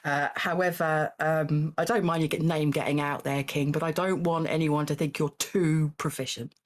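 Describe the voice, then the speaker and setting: A woman hosting a live-streamed game show, halting and full of fillers, with dry teasing asides. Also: low-pitched, fairly even intonation. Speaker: game show host judging contestants.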